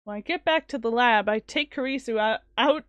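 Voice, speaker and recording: A woman streaming a visual novel, reading it aloud with expressive, casual commentary. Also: a little high, fairly quick, clean tone, no echo, highs cut off. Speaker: let's-play streamer.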